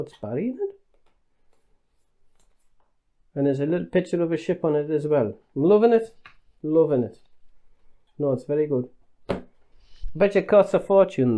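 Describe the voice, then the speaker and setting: Cheeky factory boss voiced by a man, put-on accent, phone banter, smug and breezy, mellow tone. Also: fairly high pitch, very animated, moderate pace, pauses often, voice pushed up. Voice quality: put-on regional accent, admitted as terrible. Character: boastful male factory owner chatting on the phone.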